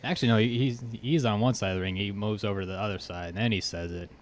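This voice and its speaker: A man co-hosting a podcast in casual chat, jumping in with quick corrections and details. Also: lowish voice, a little hiss or hum.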